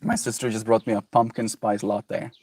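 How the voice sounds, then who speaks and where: A man streaming live, chatting casually in a soft, rambling, musing way. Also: lowish voice, level tone, moderate pace, recorded from a distance, very noisy.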